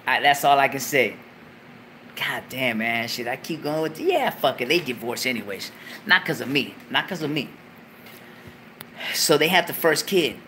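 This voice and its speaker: A man hosting a talk show, telling a story in a profane, animated way, loudly acting out what was said. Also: medium pitch, normal speed, pauses often, slight background noise. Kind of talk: casual storytelling.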